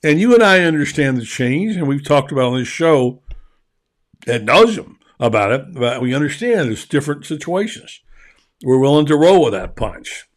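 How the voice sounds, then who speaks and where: A man's voice: on the high side, very animated, normal speed. A man hosting a sports talk show, talking in a folksy, rambling way. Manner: folksy, rambling, self-deprecating. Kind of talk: casual radio sports talk.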